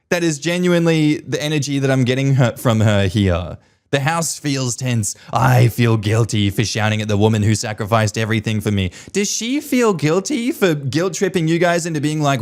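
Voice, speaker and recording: A man at a middle pitch reads online stories aloud and then comments on them. His delivery is blunt and sarcastic, in a casual commentary style. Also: lively intonation, moderate pace. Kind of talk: reading and reacting to online posts.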